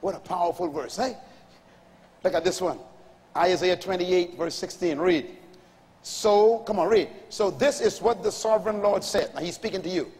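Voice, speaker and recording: A man's voice: high voice, moderate pace, darkish tone, long reverb tail. A man preaching a sermon in an emphatic call-and-response manner, reading scripture aloud and urging the congregation to respond. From Bahamas. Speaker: pastor.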